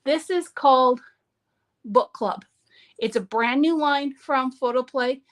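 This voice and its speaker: A woman's voice: high voice, slow. A woman hosting a live papercraft demonstration, talking in a chatty, upbeat way and often breaking off mid-sentence. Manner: chatty, upbeat, self-interrupting.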